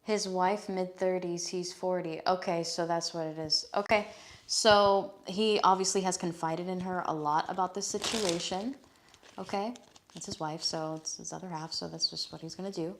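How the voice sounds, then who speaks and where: A woman's voice: lowish voice, fairly even intonation, moderate pace. A young woman giving a casual live-stream tarot reading, chatty and frank, often swearing and checking in with "okay?". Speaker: tarot reader.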